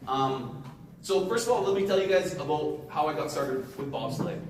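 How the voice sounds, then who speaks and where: A man in his forties tells a story as a guest speaker, chatting straight to the audience in a casual way. His voice sits a little high. He is picked up from far off in a very echoey hall, with a clear hiss of noise underneath. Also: normal speed. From Canada. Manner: casual, addresses the audience directly. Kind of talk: storytelling motivational talk.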